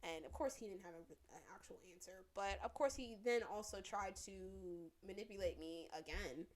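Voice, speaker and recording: A woman in her twenties hosting a podcast and telling a personal story in a casual, animated way, swearing freely and imitating the people she quotes. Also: medium pitch, normal speed. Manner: mimics people in quoted dialogue, voice jumping up and down. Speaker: podcast host.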